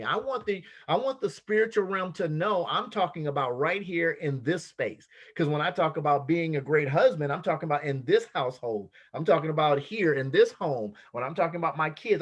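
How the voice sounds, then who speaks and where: Animated man giving a pep talk. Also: on the high side, dull audio. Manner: animated, acts out little dialogues in other voices. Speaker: team leader giving business training. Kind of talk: motivational training talk.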